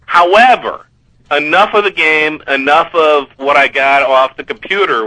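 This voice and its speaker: A man's voice: on the high side, bright, forceful tone, poor audio. A man calling in to a sports talk radio show, chatty and rambling, often correcting himself. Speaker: caller.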